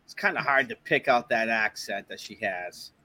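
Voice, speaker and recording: A man's voice: lowish voice, normal speed, bright, forceful tone, dry recording. A man co-hosting a podcast, chatting in a crude, profane and enthusiastic way. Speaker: podcast co-host. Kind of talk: crude casual chat.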